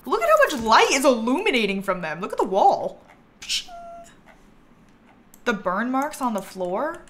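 A woman livestreaming a game, chatting casually and thinking aloud, with bursts of giggly excitement. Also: a little high, a little slow, a little hiss or hum. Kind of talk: casual gameplay commentary.

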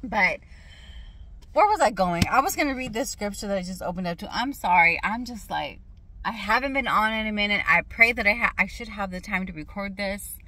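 Bright-voiced young woman rambling about faith. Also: medium pitch, expressive, fairly quick. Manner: rambling, emphatic, loses her train of thought. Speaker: faith vlogger. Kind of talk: casual spoken testimony with scripture reading. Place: parked car.

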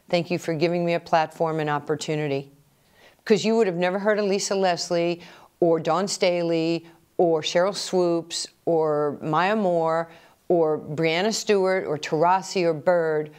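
Deep-voiced woman, middle-aged, animated storyteller, does the dialogue herself. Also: clean tone. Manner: animated, acts out remembered conversations. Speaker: interviewee. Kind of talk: personal storytelling.

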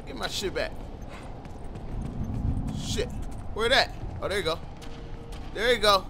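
A man giving live gameplay commentary, loud and excitable, with profane play-by-play reactions. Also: high voice, slow pace, noisy background.

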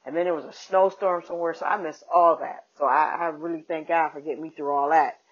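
A woman comedian and podcast host telling a casual, animated story and acting out the people in it. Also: low voice, quick pace, husky. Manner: animated, acts out quoted people. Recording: dull lo-fi podcast audio.

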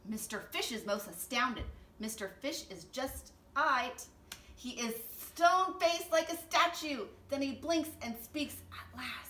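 A woman teacher reading a picture book aloud to children in a slow, expressive storytelling voice. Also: high-pitched, a little hiss or hum. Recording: roomy echo, distant mic, faint ambience.

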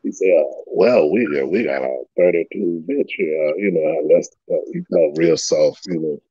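A man's voice: sits low, big pitch swings, normal speed, vocal fry, dark tone, husky, no room sound. A man telling old stories in a casual, profane way, laughing often and acting out the dialogue. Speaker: guest recounting old stories. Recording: slightly dull lo-fi sound.

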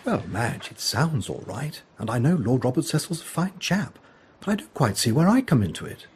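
A man's voice: medium pitch, sing-song, moderate pace, a little hiss or hum, close to an everyday voice. An actor playing Gerald, a modest, easygoing man, in a radio play. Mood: genial. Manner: mild, self-deprecating, genial.

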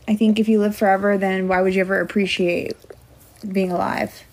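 A woman's voice: medium pitch, flat delivery, fairly quick, a little hiss or hum. A young woman chatting casually on a livestream from home, rambling with lots of filler words.

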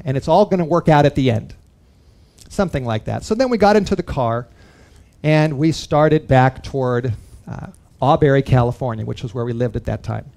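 A man's voice: on the high side, a little mellow. A middle-aged man gives a personal testimony to a live audience, in an earnest, conversational storytelling way that speaks to his listeners. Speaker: guest speaker.

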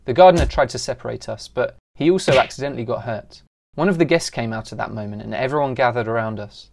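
A man telling a first-person animated story in scripted narration. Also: mid-range voice, fast talker, vocal fry, a little hiss or hum.

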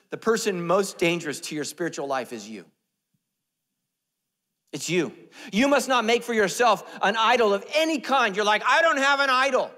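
A man preaching a sermon as pastor, animated and joking, dropping to a hush and jumping up loud. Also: sits high, big-room sound. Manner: animated, joking, swings between loud and hushed. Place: church sanctuary.

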